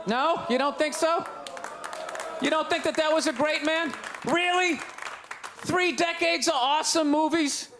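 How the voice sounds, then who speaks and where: Exasperated stand-up comic with a high voice. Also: male voice, a little slow, pauses often. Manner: loud, exasperated, mocking rant. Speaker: stand-up comedian. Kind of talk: stand-up comedy rant. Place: comedy club stage before a live audience. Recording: live club recording with crowd laughter and noise.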